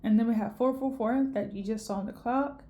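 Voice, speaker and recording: Woman, tarot reader, tearful and emotional, fairly high mellow voice, faint background hiss. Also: a little fast, highs cut off. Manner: emotional, repeats "okay?" often. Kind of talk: intuitive tarot reading to camera.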